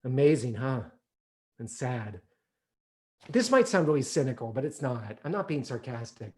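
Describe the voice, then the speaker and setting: Animated man telling stories on stage. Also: mid-range voice, normal speed. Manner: animated, acts out other people's voices. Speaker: solo stage performer. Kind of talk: theatrical one-man storytelling. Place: theatre stage.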